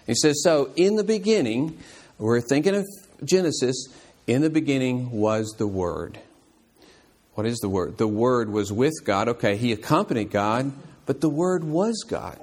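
A man teaching a church Bible class in an earnest, explanatory way, halting often with fillers and restarts. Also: mid-range voice, lively intonation, a little mellow.

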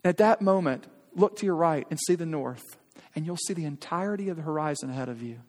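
A pastor in his thirties preaches in a fairly high voice, and his words hang in the long reverb of a big church sanctuary. He speaks to the congregation directly and earnestly, pressing them with question after question. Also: fast. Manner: earnest, urging, direct address with rhetorical questions. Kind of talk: sermon.

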